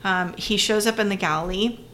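A woman who is a pastor co-hosts a conversational podcast discussion, explaining things earnestly and frequently checking in with "right?". Her medium-pitched voice is brisk and fairly bright, with a little hiss or hum in the audio.

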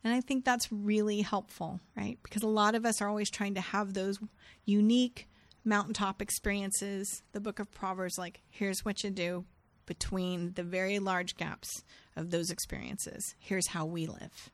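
A woman's voice: medium pitch, little pitch movement, moderate pace. A woman leading a teaching recap, reading scripture aloud and reflecting on it.

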